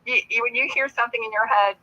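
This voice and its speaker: A woman guest telling a personal story in a casual, lively way, laughing often as she talks. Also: on the high side, fast, dull audio.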